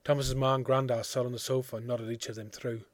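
A man narrating a literary story in a measured, quiet, reflective way. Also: medium pitch, level tone, dry recording. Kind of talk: audiobook reading of a literary story.

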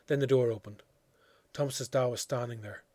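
A man narrating a literary story in a measured, quiet, reflective way. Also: mid-range voice, fairly even intonation, dry recording. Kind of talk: audiobook reading of a literary story.

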